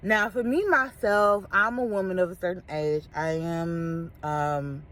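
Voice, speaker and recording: Candid animated woman in her thirties. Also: on the low side, unhurried. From Chicago. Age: 30s. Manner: candid, animated storytelling with slangy asides and laughs. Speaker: vlogger. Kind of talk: casual talk to camera.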